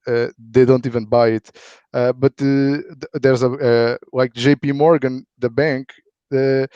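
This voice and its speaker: A man talking casually on a live stream, halting and full of fillers and repeated words. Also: medium pitch, flat delivery, darkish tone, clear, resonant tone, no room sound. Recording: dry, dull lo-fi audio.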